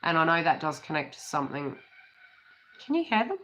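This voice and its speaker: Swearing freely and giggling between chatty remarks, a middle-aged Australian tarot reader works through a casual reading while birds call nearby. Her deep voice moves briskly, swings widely in pitch, and has a slightly bright tone.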